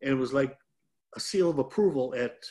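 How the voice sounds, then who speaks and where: Telling a casual, wandering tale at his own expense, the guest is an older ex-pro wrestler from Detroit on a chat show. His voice sits at a medium pitch with a warm tone, and he speaks a little fast.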